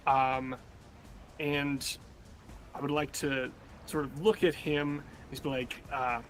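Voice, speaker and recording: A man's voice: medium pitch, flat delivery, slow, pauses often, slight background noise. A man playing a tabletop game, describing his character's actions animatedly with many restarts. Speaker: player. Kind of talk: tabletop game play, casual chat.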